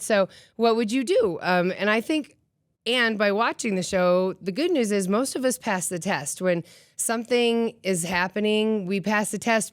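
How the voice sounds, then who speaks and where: A woman's voice: medium pitch, clean tone, no echo, clean studio sound. Chatty middle-aged woman radio host. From Colorado. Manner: chatty and animated, laughs often, acts out quotes. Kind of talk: casual chat.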